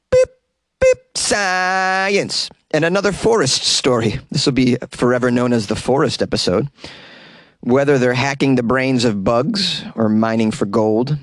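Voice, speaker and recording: Man, comic news host, wry asides, dead dry closet sound, mid-pitched voice. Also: no echo. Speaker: podcast host.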